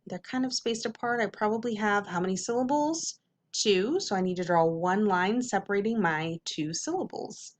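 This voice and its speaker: Woman teaching a phonics lesson. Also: mid-range voice. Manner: slow sounding-out of syllables; patient, repetitive classroom drills.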